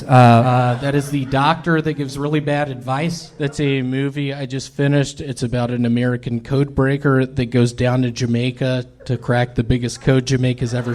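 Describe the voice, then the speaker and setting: Man, stand-up comedian, deadpan, repetitive setups. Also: mid-range voice.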